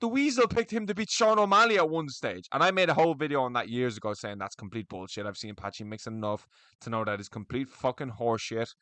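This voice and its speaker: Fast, animated, and sharp-toned, a young man with a medium-pitched voice rants solo to camera with no room sound. An MMA commentary vlogger, he bluntly and profanely airs his opinions about the sport's fans.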